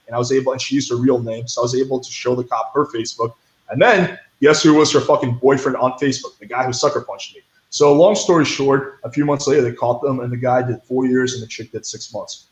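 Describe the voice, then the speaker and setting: A man's voice: mid-range voice, a little fast. A young man telling a story in a casual interview, blunt and profane, full of fillers like "like" and "right". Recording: echoey room.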